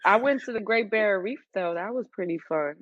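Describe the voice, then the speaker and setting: A woman from New York with a New York accent, a podcast guest chatting casually and relaxed, filling her speech with "like". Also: mid-range voice, fairly quick, no room sound. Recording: dull, dry, muffled sound.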